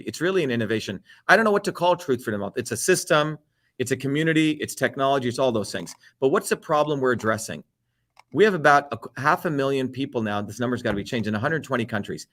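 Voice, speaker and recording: A man's voice: medium pitch, fairly bright tone. A man, a political candidate, ranting emphatically in a heated, profane interview, chanting slogans again and again.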